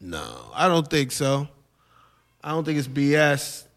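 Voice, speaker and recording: A man's voice: a little high, big pitch swings, unhurried, vocal fry. A man who is a stand-up comedian and host, talking casually in an interview, laid-back and repeating his phrases.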